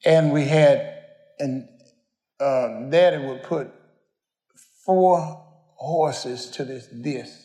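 A man's voice: mid-range voice, very slow, long pauses, mellow, echoey room. An older man, preaching a folksy storytelling sermon, rambling and homespun as he addresses the congregation.

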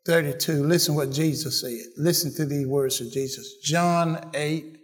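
High-voiced, slow preaching man. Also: fairly even intonation. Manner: emphatic, repeats phrases, calls out to listeners. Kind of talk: sermon.

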